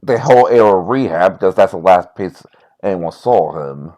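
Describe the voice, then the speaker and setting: A man playing in a tabletop game who talks haltingly, restarting often. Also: sits low, a little mellow, highs cut off. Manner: halting, with many restarts and fillers. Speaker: player.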